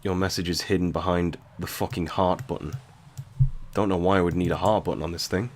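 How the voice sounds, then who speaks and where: A man's voice: sits low, steady tone, fairly quick, slight background noise. A man giving casual, profane, wry commentary while he plays a video game. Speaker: gaming streamer. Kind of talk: casual let's-play commentary.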